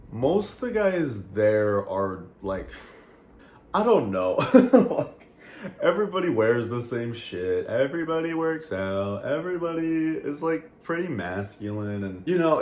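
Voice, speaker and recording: Low-voiced young man vlogging straight to camera, candid and rambling, full of fillers and cursing. The room echoes around him, with a faint hiss under the voice. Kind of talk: casual chat to camera.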